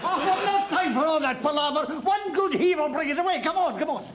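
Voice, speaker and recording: An actor playing a prim, peevish vicar in a TV sitcom. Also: male voice, very high-pitched, brisk, a loud crowd. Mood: tetchy. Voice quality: prim and tetchy. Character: peevish, prissy male vicar. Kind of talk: 1970s TV sitcom acting.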